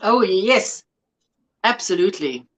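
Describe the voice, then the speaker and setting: Bright, lively South African woman. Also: medium pitch, slow. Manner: chatty, reads viewer comments aloud, laughs often. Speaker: livestream host. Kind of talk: casual livestream chat.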